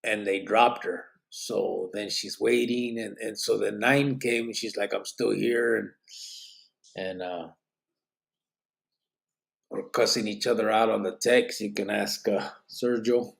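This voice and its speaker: A tired man hosts a live stream and talks loosely, dropping bits of Spanish slang as he reads the chat. His voice sits low and gravelly, with a rough fry. The talk is rambling and unhurried. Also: fairly even intonation. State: tired, yawning. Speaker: podcast host reading live chat.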